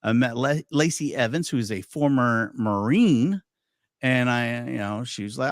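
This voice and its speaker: A man's voice: medium pitch, normal speed, no echo, studio quality. A man hosting a podcast, chatting casually and telling anecdotes with lots of quoted dialogue. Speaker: podcast host. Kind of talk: casual chat storytelling.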